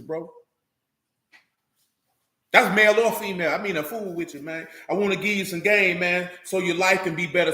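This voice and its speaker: A high-pitched man, teaching the Bible in an emphatic, slangy way that calls out to his listeners. His voice comes through bright and sharp. The sound is roomy and echoing. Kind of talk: scripture reading then casual preaching talk.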